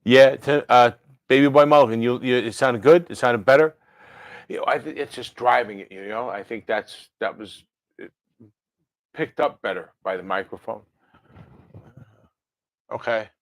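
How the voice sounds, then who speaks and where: Pausing often at a moderate pace, a mid-range voice rambles through casual replies to viewer comments on a livestream, captured by a dry close mic. The host is a New Jersey man in his 50s who chats loosely, full of fillers and self-corrections.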